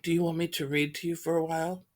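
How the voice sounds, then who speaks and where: Woman reading as a gentle, patient father. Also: deep voice, fast talker, natural voice. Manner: calm, soothing.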